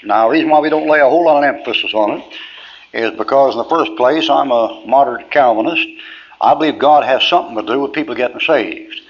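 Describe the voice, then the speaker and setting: A man's voice: mid-range voice, fast talker. A man teaching a Bible class in a blunt, folksy, plainspoken way, with a middle-range voice. The recording is dull and lo-fi, like an old tape. A faint hiss runs underneath. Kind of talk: classroom lecture.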